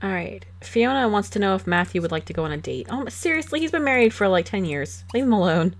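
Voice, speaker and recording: A woman's voice: medium pitch, animated, fast talker. Giggly woman narrating a life-sim game. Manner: giggly, chatty, coaxing her game characters. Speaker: let's play host. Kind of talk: casual gameplay commentary. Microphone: desktop USB mic.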